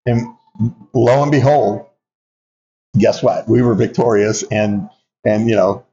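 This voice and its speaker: An older Army veteran tells reflective stories in a conversational interview, often using fillers and restarting his sentences. His voice is fairly low, slow, and mellow, and the lo-fi audio sounds dull.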